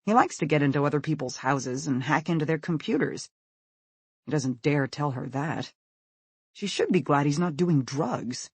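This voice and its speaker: Male audiobook narrator, expressive and husky, dry close recording. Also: on the high side, moderate pace, dry recording.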